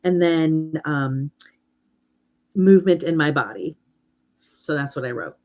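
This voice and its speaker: A woman's voice: low-pitched, measured pace, darkish tone, low-quality recording. A middle-aged woman chatting casually and animatedly about affirmations and self-love, with lots of fillers. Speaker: host, hypnotherapist.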